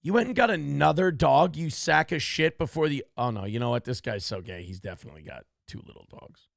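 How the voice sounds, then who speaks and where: A man's voice: on the high side, lively intonation, brisk, gravelly. A man hosting a morning show, riffing on a news clip in a crude, profane, mocking rant. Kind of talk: comedic commentary on a news clip.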